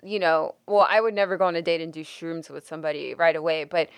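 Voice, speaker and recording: A woman's voice: low-pitched, fast talker, clean tone, dry recording. A woman co-hosting a casual podcast, chatting with lots of "like" fillers. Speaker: podcast co-host. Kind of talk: casual chat.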